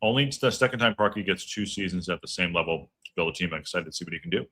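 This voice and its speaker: A man's voice: low voice, rapid-fire, sharp tone. A man hosting a live fan podcast, chatting loosely and reading out viewer messages. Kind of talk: casual live watch-along chat.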